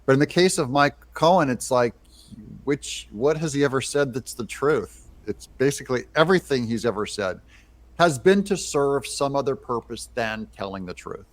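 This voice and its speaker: A man's voice: medium pitch, animated, moderate pace. Emphatic male political commentator. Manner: emphatic, indignant. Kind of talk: reaction commentary.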